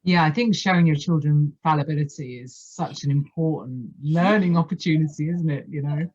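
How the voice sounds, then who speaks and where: A woman's voice: sits low, moderate pace, a little mellow, dull audio. A woman hosting a video call conversation, speaking in a supportive, reflective way. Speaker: host.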